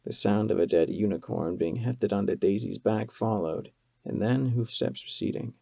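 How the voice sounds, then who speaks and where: A male narrator reads a dramatic audiobook in a measured way. His voice is dark and gravelly, and the recording is dry and close. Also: lowish voice, no echo.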